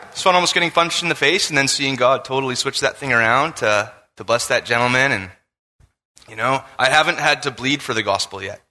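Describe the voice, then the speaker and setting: Bright-voiced preacher in an echoing hall. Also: male voice, fairly low pitch. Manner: casual, animated storytelling with laughs. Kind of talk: sermon with a personal story. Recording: long reverb of a large room.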